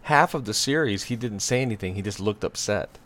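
A man's voice: fairly low pitch, a little fast, a bit bright. A middle-aged man, chatting casually in a rambling, jokey way. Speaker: co-host. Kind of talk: casual chat.

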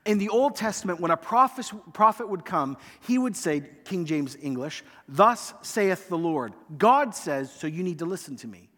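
A pastor preaching in a sanctuary, his voice sitting high for a man. He acts out the lines he quotes and lets many phrases fade to a near hush. A long reverb trails behind him through the hall. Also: lively intonation, normal speed, hardly any pauses. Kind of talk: sermon.

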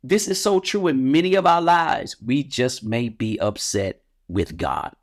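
A man hosting a devotional podcast, preaching emphatically, with repeated phrases and big swings in pitch. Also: unhurried. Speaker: podcast host.

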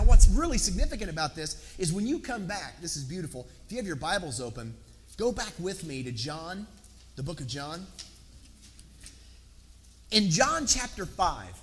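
A man's voice: sits high, a bit bright. A middle-aged man with a Southern US accent, preaching an emphatic sermon and repeating words for stress. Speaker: pastor. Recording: echoey hall, faint background noise.

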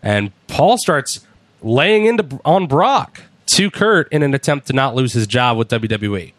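A man chatting casually, retelling events with lively acted-out quotes as a podcast host. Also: medium pitch, a little slow, dry recording. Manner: animated storyteller, acts out quotes. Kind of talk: casual chat recapping wrestling.

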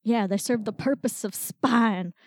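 A paranoid, touchy woman guest on an advice show, played by a woman, with a high voice. She talks bluntly and defensively, quick to take offense. The sound is close and dry. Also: darkish tone, no echo. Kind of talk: improvised comedy role-play.

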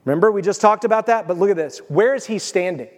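High-voiced preacher in an echoing hall. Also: male voice, quick pace. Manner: animated preaching that swings between loud and hushed. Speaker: pastor. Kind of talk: sermon. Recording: long hall reverb.

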